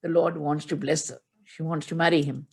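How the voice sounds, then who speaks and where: A woman spiritual teacher giving a religious discourse, chanting Sanskrit verses and then explaining them in measured storytelling. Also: deep voice, steady tone, gravelly, a little mellow.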